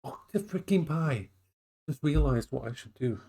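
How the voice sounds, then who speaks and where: A man chatting casually on a live stream from his home, often breaking into high baby talk for his dogs. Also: lively intonation, normal speed, long pauses, a little mellow.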